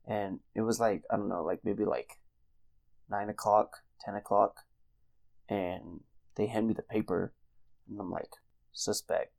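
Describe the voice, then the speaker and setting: Gravelly, laid-back young man. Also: lowish voice, steady tone, unhurried, long pauses, a little mellow. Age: young adult. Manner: laid-back, swears freely, rambling storyteller. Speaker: podcast co-host. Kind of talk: casual chat.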